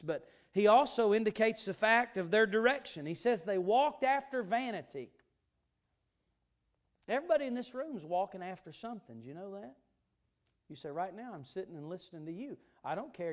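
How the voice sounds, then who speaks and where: A man preaching to an auditorium, his voice sitting high for a man. He tells a homespun story in a folksy way and then presses home his point with emphatic bursts. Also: animated, brisk. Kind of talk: sermon with a personal story. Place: auditorium before an audience.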